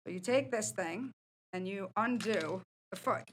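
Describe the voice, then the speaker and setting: A woman's voice: medium pitch, unhurried, a little hiss or hum. A woman, a guest on a studio podcast, speaking bluntly and animatedly about her own experiences, swearing casually. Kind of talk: candid conversational storytelling.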